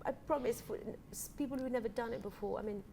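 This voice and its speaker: A woman guest on a talk show telling an animated story, acting out her own thoughts and laughing often. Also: fairly high pitch, quick pace, creaky, a little hiss or hum. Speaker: event participant guest. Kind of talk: casual talk show chat.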